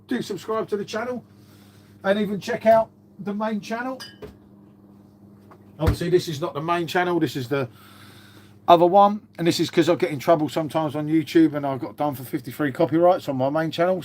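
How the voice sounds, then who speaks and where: A chatty British man hosts a live stream from home, with a fairly high voice for a man. He swears freely and keeps calling the viewers "mate" as he answers their comments. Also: a little fast, a little mellow, slight background noise. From Britain. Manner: chatty and matey, swears a lot, says "mate" constantly.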